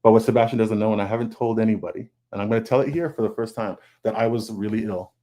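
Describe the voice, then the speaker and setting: A man's voice: fairly low pitch, fairly even intonation, fast, warm tone. A man on a video call panel, talking earnestly and candidly, often repeating words and quoting his own thoughts. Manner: earnest, confessional, repeats words, quotes himself. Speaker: comic artist guest.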